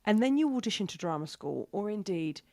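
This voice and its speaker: A woman hosting a podcast, excitable and jokey in casual chat. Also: medium pitch, no echo. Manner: excitable, jokey, quick restarts. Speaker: podcast host.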